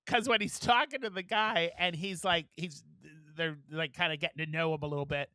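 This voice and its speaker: A man's voice: fairly high pitch, steady tone, a little fast, bright, forceful tone, no echo. A man co-hosting a casual podcast, chatting loosely and swearing freely as he recaps a show. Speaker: podcast co-host. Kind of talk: casual chat.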